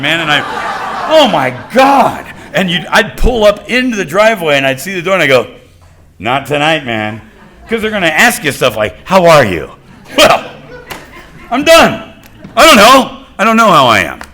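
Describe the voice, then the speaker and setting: Lively, bright-voiced man sharing his story. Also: mid-range voice. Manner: lively storytelling, self-mocking humor, swings from quiet to loud. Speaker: recovery meeting speaker. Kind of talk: personal recovery talk to a meeting. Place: meeting room with audience.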